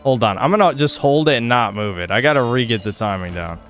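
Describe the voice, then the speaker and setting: A man's voice: mid-range voice, expressive, fast, fairly bright tone, faint music behind. A young man streaming a video game, talking to himself, swearing and getting frustrated with the controls. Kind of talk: live gameplay commentary.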